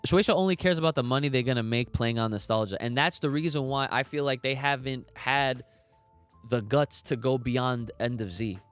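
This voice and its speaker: A man's voice: medium pitch, moderate pace, smooth, soft background music. A young man hosting a casual podcast livestream, talking emphatically in slangy, swearing rants and reading out chat comments. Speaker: podcast host.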